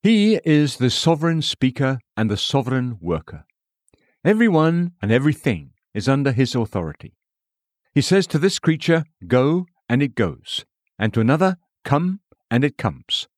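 A man reads a devotional text aloud in a measured, scripted way, naming each scripture citation as he goes. His pitch rises and falls with plenty of movement. The sound is dry and close, with no room around it. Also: very animated, a little mellow, no echo. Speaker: audiobook reader. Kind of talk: scripted narration of a devotional book.

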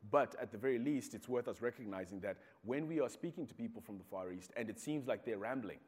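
A man's voice: mid-range voice, animated, quick pace, a little mellow. A man with a Zimbabwean accent gives a talk, his voice sitting in the middle of the range. He tells stories and acts out the people he quotes. His voice carries a long reverb from the hall. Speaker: speaker. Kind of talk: talk to an audience.

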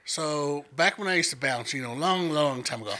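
A young man telling stories in casual, profane chat, acting out the people he quotes with lively voices. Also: fairly high pitch, moderate pace. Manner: animated, profane, acts out quotes in many voices. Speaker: podcast co-host telling stories.

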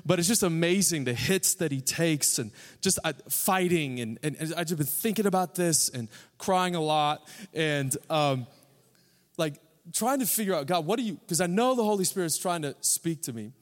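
Male pastor, tired, joking and rambling sermon, slightly high voice, long hall reverb. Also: expressive, moderate pace. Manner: joking, rambling, self-deprecating.

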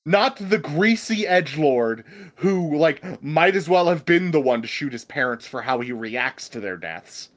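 A man with a somewhat high voice chats about films. His pitch swings widely as he gets animated, and he tumbles over quick restarts before getting the point out. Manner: animated, stammers through restarts. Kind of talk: casual chat about films.

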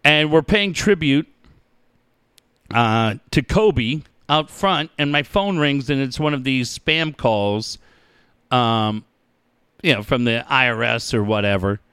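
A middle-aged man hosting a talk show, telling stories in a profane, animated way and acting out the people in them. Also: medium pitch, slow pace, clear, resonant tone, no room sound. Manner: profane, animated storytelling with acted-out voices. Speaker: radio show host. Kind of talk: casual storytelling chat.

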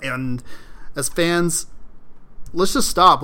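A man hosting a solo sports podcast, talking in an animated, emphatic way and mocking fans' complaints. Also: a little high, normal speed. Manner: animated, emphatic, mocking quoted fans in exaggerated voices. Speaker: podcast host.

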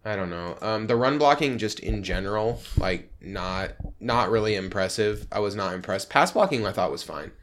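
A man co-hosting a sports podcast, talking in a rambling, excitable way with frequent restarts. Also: fairly low pitch, moderate pace, few pauses, a little hiss or hum. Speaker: podcast co-host. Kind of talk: casual sports chat.

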